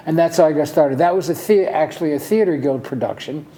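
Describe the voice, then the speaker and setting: An older man, a guest in a casual interview, telling relaxed stories about his life with an easy chuckle. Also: fairly high pitch, a little fast.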